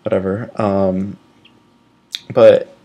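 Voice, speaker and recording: A young man casually telling a personal story to camera, rambling with many fillers and getting animated as he retells what happened. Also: low voice, drawn-out words, muffled recording. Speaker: vlogger.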